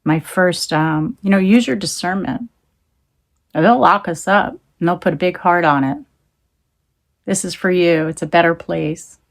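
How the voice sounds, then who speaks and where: A woman's voice: on the low side, unhurried, gravelly. A woman talking into her phone in a rambling, emphatic monologue, swearing when she gets heated. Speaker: tarot reader.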